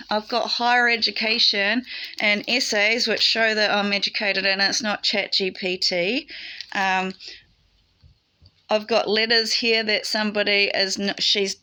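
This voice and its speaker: A woman's voice: medium pitch, sharp tone, smooth, low-quality recording. A woman speaking a personal monologue to camera, rambling and insistent, with an aggrieved tone. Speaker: vlogger.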